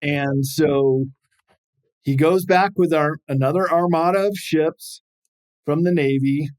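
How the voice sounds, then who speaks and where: Speaking slowly in a fairly high voice, a male explorer and author spins animated stories in an interview, performing the quoted voices himself. The recording quality is rough.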